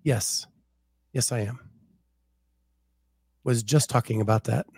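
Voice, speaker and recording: A man's voice: mid-range voice, slow pace, vocal fry, darkish tone, slightly rough, no echo. A man co-hosting a casual podcast, chatting in a laid-back way and reading out viewer comments. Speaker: podcast co-host. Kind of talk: casual chat.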